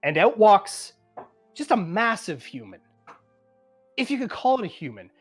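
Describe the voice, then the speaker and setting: A laid-back Canadian game master narrating a tabletop role-playing game, chuckling between descriptions. The voice is mid-pitched, with faint music playing behind. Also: sing-song, unhurried, slightly rough.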